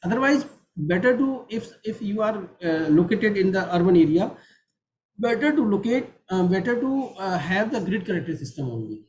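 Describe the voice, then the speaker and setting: A man with an Indian English accent giving an online technical lecture, halting with many fillers and restarts. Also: sits high, expressive, darkish tone, poor audio. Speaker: guest lecturer.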